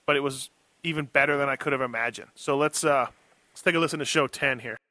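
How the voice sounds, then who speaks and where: A man's voice: mid-range voice, quick pace, noisy background. A man co-hosting a casual show, chatty, laughing often and repeating his words as he talks. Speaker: podcast co-host. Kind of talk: casual chat.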